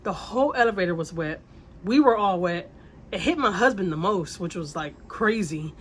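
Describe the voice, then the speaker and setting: A woman's voice: on the low side, animated, normal speed. Woman rambling through a storytime, repeats herself a lot, faint hiss behind. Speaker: vlogger telling a story. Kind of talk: casual storytime.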